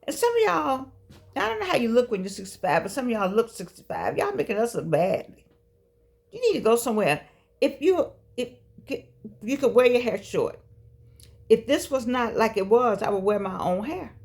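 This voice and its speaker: Sixties woman, slightly gravelly, talks straight to camera like a sermon among friends. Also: fairly high pitch, sing-song, moderate pace, a little mellow. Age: 60s. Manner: chatty, preachy, folksy and emphatic. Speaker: vlogger speaking to seniors. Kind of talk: casual motivational talk to camera.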